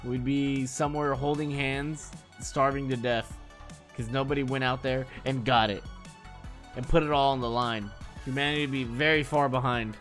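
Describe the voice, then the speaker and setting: A man's voice: mid-range voice, fairly bright tone. A man in his late thirties, a streamer telling crude, rambling stories from his childhood to his chat and laughing along as he goes. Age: 30s. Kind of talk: casual storytelling chat.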